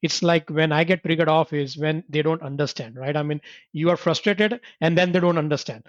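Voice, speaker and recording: A man in a casual group discussion, talking rapidly and leaning on "I mean" fillers. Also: fairly high pitch, dry recording. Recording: dull lo-fi sound.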